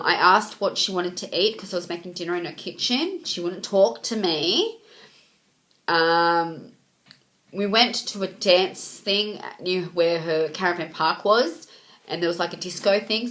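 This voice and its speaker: A woman's voice: medium pitch, a bit bright. A young woman telling a rambling story to camera, full of ums and reported speech. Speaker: vlogger. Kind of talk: casual storytime vlog.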